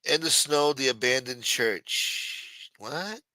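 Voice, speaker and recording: A man's voice: mid-range voice, animated, slow, bright, forceful tone, no echo, low-quality recording. A man hosting a late-night live stream in a loose, profane, teasing way, reading and answering viewer chat. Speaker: live show host.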